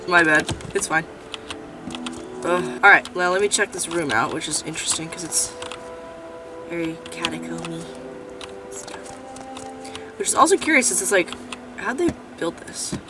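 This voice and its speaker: A woman giving casual, chatty commentary while playing a game, swearing freely and breaking into loud outrage. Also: fairly low pitch, recorded from a distance. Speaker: gameplay commentator. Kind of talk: casual let's-play commentary.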